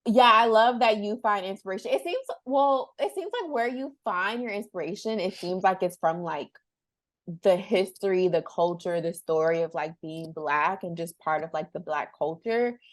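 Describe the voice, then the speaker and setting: A woman's voice: mid-range voice, moderate pace, dry recording. A young woman hosting a podcast who talks in a casual, rambling way, searching for words with many fillers. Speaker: podcast host. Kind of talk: casual interview chat.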